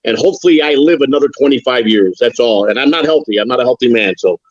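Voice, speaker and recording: A man's voice: medium pitch, fast talker, dry recording, highs cut off. An older man talking on a live stream as a guest, rambling and frank, with frequent stammered restarts. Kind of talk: casual chat.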